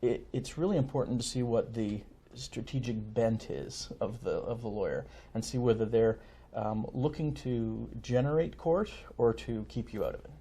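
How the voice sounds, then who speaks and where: A middle-aged man, a family lawyer, explaining things in a measured conversational way with examples and asides. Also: mid-range voice, mellow. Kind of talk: conversational interview.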